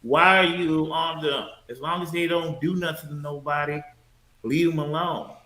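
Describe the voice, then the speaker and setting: A man from Detroit, a former bouncer, chatting as a podcast guest in a relaxed, storytelling way. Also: a little high, moderate pace, slight background noise. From Detroit, USA. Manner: relaxed, storytelling, laughs easily. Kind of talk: casual chat. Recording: echoey room.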